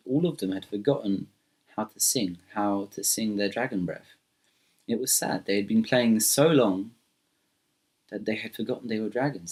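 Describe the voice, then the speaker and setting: A man telling an improvised myth casually, rambling with many fillers and restarts. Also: fairly low pitch. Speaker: storyteller. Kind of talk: improvised spoken storytelling.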